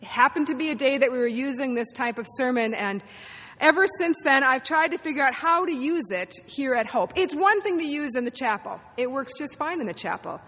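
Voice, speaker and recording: A woman's voice: high-pitched, lively intonation, a little fast, a bit bright. A woman pastor preaching a sermon to her congregation, in an encouraging, playful manner. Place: church sanctuary. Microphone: amplified sanctuary mic. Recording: long hall reverb in a sanctuary.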